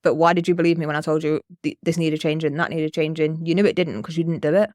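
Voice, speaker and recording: A podcast co-host chatting casually and telling stories with plenty of swearing and acted-out quotes. The voice sits at a middle pitch and sounds dry and close, with no room echo. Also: steady tone, quick pace, a little mellow. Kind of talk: casual chat.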